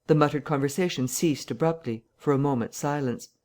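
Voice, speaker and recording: An audiobook narrator reading a classic novel in a steady, even storytelling manner. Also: mid-range voice, fairly quick.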